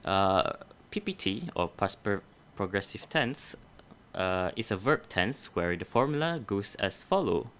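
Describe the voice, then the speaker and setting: A young man giving a practice grammar lesson, calm and methodical, walking through examples step by step and fixing his own slips. His voice sits low, with faint hiss behind it. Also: measured pace. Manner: methodical, explains step by step, corrects himself. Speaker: teacher. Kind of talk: micro-teaching grammar lesson.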